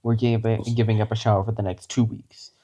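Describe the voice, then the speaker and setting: A man's voice: lowish voice, flat delivery, a little fast, dark tone. A man vlogging from a small cabin, speaking in a tired, matter-of-fact way. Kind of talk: casual chat.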